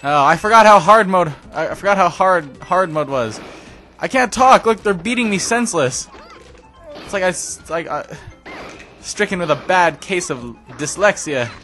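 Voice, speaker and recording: A young man giving casual, self-deprecating gameplay commentary, breaking into sudden excited yelps. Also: sits high, normal speed, faint music behind. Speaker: let's play commentator.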